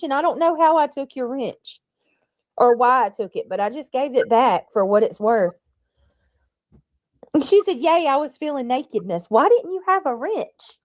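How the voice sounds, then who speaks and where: A woman hosts a casual livestream with a fairly high voice. She talks slowly and chattily, reading out and greeting viewers as she goes. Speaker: livestream host.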